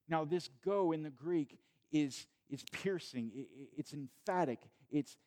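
A man's voice: on the high side, moderate pace. Man preaching a chatty sermon. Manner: conversational, animated retelling with playful asides. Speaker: pastor.

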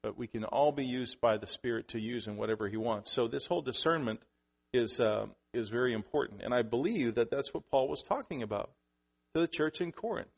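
A man preaching to his congregation in an easy, conversational way, at a middle pitch for a man. He stops and restarts sentences and turns to the congregation with asides. On the points he wants to land, he gets louder and his voice climbs. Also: a little fast, vocal fry. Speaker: pastor. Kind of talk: sermon.

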